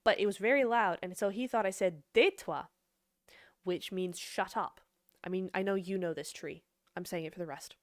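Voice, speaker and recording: A young woman casually chatting with her livestream chat as an esports caster and analyst, bubbly and quick to laugh. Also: medium pitch, no room sound, studio quality.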